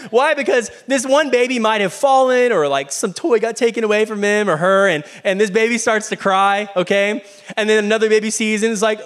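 A man preaching a sermon in a lively, conversational way, often asking the congregation questions. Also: high voice. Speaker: pastor.

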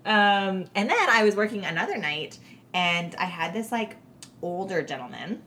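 A woman's voice: medium pitch, moderate pace, slight background noise. A woman co-hosting a casual podcast, telling stories and acting out what people said, laughing often. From Canada. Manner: animated storyteller, acts out quotes, laughs often. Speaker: podcast co-host. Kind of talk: casual chat, storytelling.

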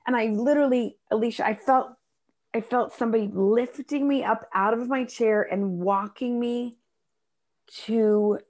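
Animated middle-aged woman telling a story. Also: fairly high pitch, measured pace. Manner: animated, acts out voices in her stories. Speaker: guest. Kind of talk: personal storytelling in a podcast chat.

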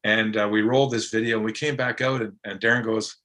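A man with a bright, clear voice, speaking as an interview guest. He wanders through fond anecdotes with plenty of ums and restarts. He keeps an easy, conversational tone throughout. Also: fairly low pitch, steady tone, fast. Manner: rambling, fond anecdotes with many fillers. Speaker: guest, former broadcaster. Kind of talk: casual interview chat.

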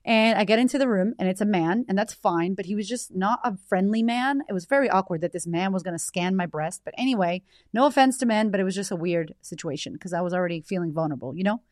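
A woman in her thirties hosting a podcast, telling a personal story in a blunt, animated way with frequent swearing. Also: mid-range voice, quick pace, few pauses, dry recording, studio quality. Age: 30s. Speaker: podcast host. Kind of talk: candid personal storytelling monologue.

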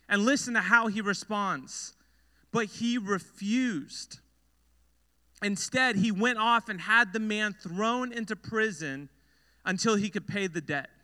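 A man's voice: very high-pitched, pushed and bright, clean tone. Young guy youth pastor preaching, earnest storytelling, lots of reverb like a big hall. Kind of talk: sermon.

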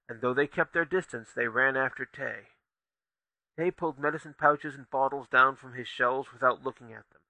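Man reading a story aloud, gravelly, super bright voice, steady and vivid. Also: medium pitch, dry recording, rough recording. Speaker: narrator. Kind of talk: audiobook narration.

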